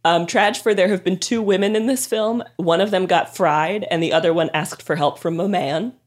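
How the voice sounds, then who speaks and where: A woman's voice: fairly low pitch, normal speed. A woman co-hosting a podcast in casual chat, playful and teasing, often laughing. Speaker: podcast co-host. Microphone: studio mic.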